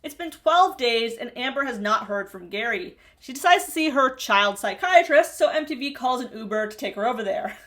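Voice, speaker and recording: A woman with a fairly high voice talks through a reality TV recap. She is snarky and chatty, and laughs often as she comments. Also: expressive, normal speed, few pauses, a bit bright.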